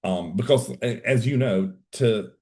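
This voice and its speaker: A man hosting a casual podcast chat as a coach, speaking in an easygoing, soft-spoken way that trails off. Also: medium pitch, unhurried.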